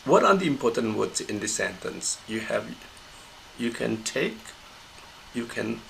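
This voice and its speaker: Gravelly man teaching pronunciation. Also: on the low side, big pitch swings, a bit bright, a little hiss or hum, rough recording. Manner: halting, many fillers and restarts. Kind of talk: screen-recorded lecture.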